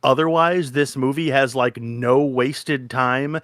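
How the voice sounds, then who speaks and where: A man in his thirties co-hosting a podcast, chatting casually and excitedly, swearing often and acting out his own reactions. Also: medium pitch, slow pace, no room sound, clean studio sound. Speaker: podcast co-host. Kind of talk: casual chat.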